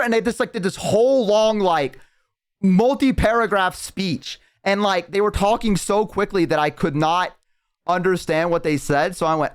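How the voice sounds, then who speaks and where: A man streaming from home, chatting casually and telling a story with lively acted-out quotes. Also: high voice, normal speed, smooth. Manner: animated storyteller, acts out quoted voices. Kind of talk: casual chat.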